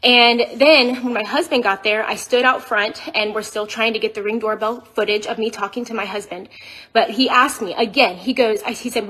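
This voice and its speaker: A woman with a fairly high voice, recording herself on a phone camera. She tells her story in a rushed, shaken way, stumbling over fillers and restarting sentences. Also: steady tone, sharp tone. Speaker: mother telling her side in a social media video. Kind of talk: personal account to viewers.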